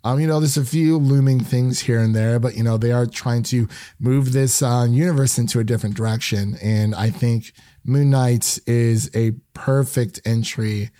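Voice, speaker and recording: A man's voice: medium pitch, fairly even intonation, moderate pace, warm tone, dry recording, clean studio sound. A young man hosting a casual review podcast, rambling with lots of fillers. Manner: rambling, heavy use of fillers like "um" and "you know". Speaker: podcast host.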